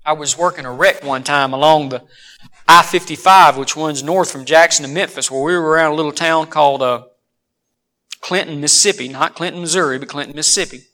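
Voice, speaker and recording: A man preaching a sermon in a church, telling folksy stories that suddenly rise loud. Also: fairly high pitch, fairly quick.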